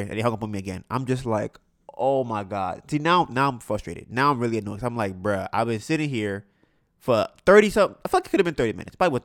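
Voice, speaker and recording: A man's voice: lowish voice, dry recording, studio quality. A young man hosting a podcast, telling a slangy, exasperated story and acting out both sides of a phone call. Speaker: podcast host. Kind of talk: casual storytelling chat.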